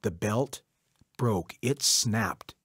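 Speaking very slowly in a fairly low, animated voice, a man shares a traditional folk tale with children, chatting directly to his young listeners. Background noise is audible.

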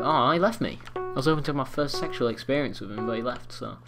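A sixteen-year-old boy doing excitable, foul-mouthed gameplay commentary, trash-talking other players. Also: mid-range voice, a little fast, music in the background. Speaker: gaming commentator.

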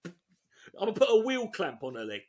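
High-voiced sarcastic comedian. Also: male voice, a little fast. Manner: sarcastic, swears a lot, lively. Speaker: comedian co-host. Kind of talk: comic reading and mocking a dating guide.

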